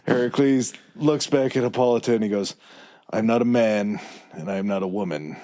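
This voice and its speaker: A man with a somewhat low voice tells a myth in a slow, measured way during a casual podcast chat. He keeps a relaxed pace and adds dry jokes as he goes. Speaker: podcast co-host.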